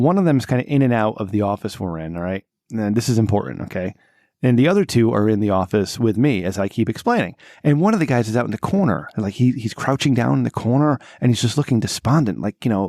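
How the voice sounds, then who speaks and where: Gravelly-voiced man telling a profane story. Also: fast talker, no room sound, studio quality. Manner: animated, profane, voice jumps high when exasperated. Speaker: podcast co-host. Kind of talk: casual storytelling chat.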